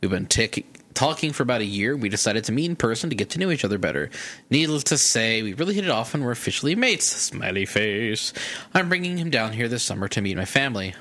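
A man hosting a podcast who reads a listener's email aloud in an animated way and laughs between lines. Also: medium pitch, fast. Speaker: podcast host.

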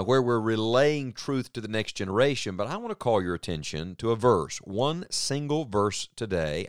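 Earnest low-voiced male preacher. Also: dry recording, studio quality. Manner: earnest, measured preaching with emphatic pauses. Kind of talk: sermon.

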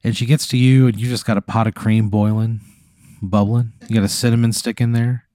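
A man's voice: fairly low pitch, flat delivery, brisk, mellow, no room sound, clean studio sound. A man hosting a podcast, spinning a laid-back, profane improvised story in the second person. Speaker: podcast host.

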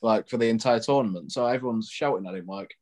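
A man co-hosting a football podcast, making his case in a lively, argumentative way. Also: lowish voice, fast. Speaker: podcast co-host. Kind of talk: casual football podcast chat.

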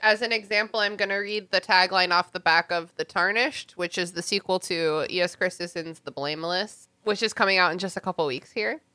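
Bright, chatty woman co-host. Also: on the low side, brisk, hardly any pauses. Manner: chatty, with lots of "like"s. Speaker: podcast co-host. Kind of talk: casual chat.

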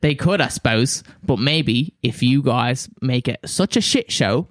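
A woman's voice: extremely low pitch, expressive, measured pace, no echo, studio quality. A man voicing a weary small woman who hires adventurers. She talks in exasperated rambles and keeps tagging on "right?". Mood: exasperated rambling.

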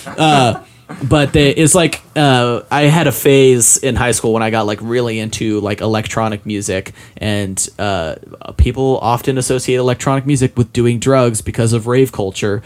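A man's voice: medium pitch, steady tone, moderate pace. A man in his twenties co-hosting a casual chat, rambling and self-mocking, full of "like" and "um". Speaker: podcast co-host discussing a game.

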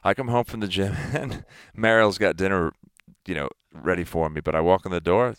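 A man in his fifties, a guest athlete, talking in a casual interview in an emphatic, animated way. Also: low-pitched, normal speed, clear, resonant tone, no room sound. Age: 50s.

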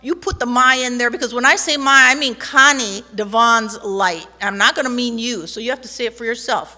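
A woman's voice: on the high side, a little fast, few pauses, bright, forceful tone. A woman pastor preaching a sermon in a church sanctuary, emphatic, leading the congregation in call-and-response. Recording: long church hall reverb.

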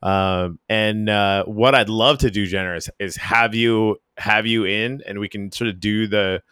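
A man with a very deep voice hosts a relaxed podcast conversation, wandering through his thoughts with plenty of "um"s and restarts. He is from the Canadian Arctic, and the sound is close and dry with no room echo. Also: unhurried, smooth. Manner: rambling, many fillers and restarts. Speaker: podcast host. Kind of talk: casual podcast chat.

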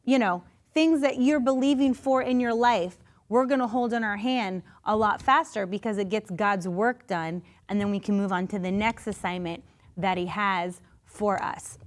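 A woman preaching a sermon in a conversational, animated way, with restarts and asides, sometimes acting out quoted voices. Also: mid-range voice, normal speed. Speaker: pastor.

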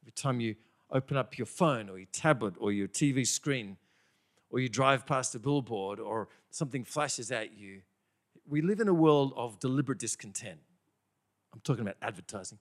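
A man preaching a sermon in a conversational, animated way, often asking the congregation questions. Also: medium pitch, moderate pace.

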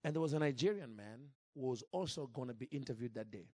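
Animated man preaching, dry close mic. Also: mid-range voice, fast, slightly rough, no echo. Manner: animated, acts out scenes and jokes with the crowd. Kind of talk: sermon storytelling. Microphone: handheld or stand mic.

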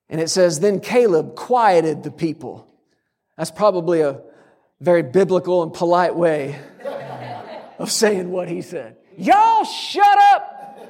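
A man delivering a sermon in a high-pitched voice. He stacks up repeated, emphatic declarations and fires off rhetorical questions at the congregation. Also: a little mellow. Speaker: preacher.

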